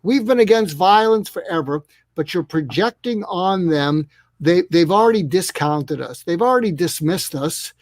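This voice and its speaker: A man's voice: high-pitched, lively intonation, moderate pace, no room sound. A man speaking as an interview guest who explains ideas step by step in an earnest way, often acting out little dialogues. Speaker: guest expert on listening. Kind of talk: interview conversation.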